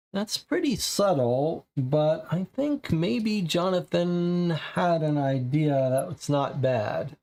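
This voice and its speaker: Gravelly-voiced man narrating a noir game. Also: on the high side, a little mellow. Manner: chatty, asides to viewers. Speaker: game host playing a solo noir case.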